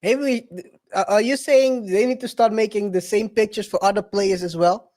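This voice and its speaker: A man co-hosting a podcast in casual chat, halting and often repeating his words. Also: sits high, fairly even intonation, darkish tone. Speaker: podcast co-host.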